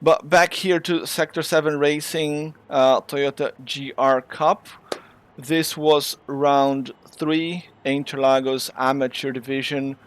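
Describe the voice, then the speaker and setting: A man from Brazil, hosting and calling a sim race with excitable, exclamatory play-by-play. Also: mid-range voice, takes it slowly, slight background noise. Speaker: race commentator and host. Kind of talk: live sim racing commentary.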